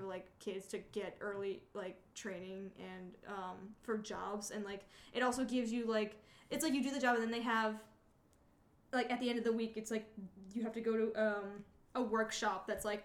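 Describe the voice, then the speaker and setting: A woman's voice: medium pitch, echoey room. A young woman, co-hosting a casual chat, giggly and rambling with lots of fillers. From Malden, Massachusetts. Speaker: podcast co-host.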